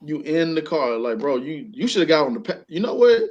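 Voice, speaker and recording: A man's voice: on the high side, fairly quick. A man hosting a casual comedy podcast, joking and acting out little scenes. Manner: animated, acts out voices while joking. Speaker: podcast host. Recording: slightly dull lo-fi sound.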